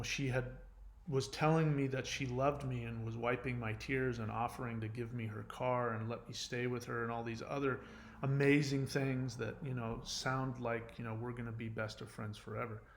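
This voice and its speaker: A man hosting his own channel, answering viewer comments in a candid, rambling monologue full of fillers and restarts. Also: mid-range voice. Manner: rambling, frequent "you know" fillers and restarts; earnest, confessional. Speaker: channel host.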